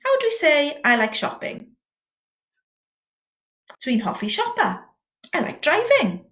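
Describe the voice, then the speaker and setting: A woman teaching a beginner language lesson, slow and clear with lively encouragement. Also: high-pitched. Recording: echoey room.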